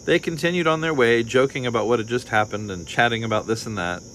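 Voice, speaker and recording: A man reading a children's picture book aloud in a calm, measured storytelling voice. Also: mid-range voice, slight background noise, low-quality recording.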